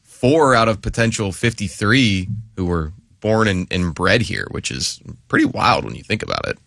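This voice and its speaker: Deep male radio co-host, dry studio, conversational. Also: expressive, moderate pace, vocal fry, a bit bright, dry recording. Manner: conversational, asks long rambling questions. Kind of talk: sports talk radio.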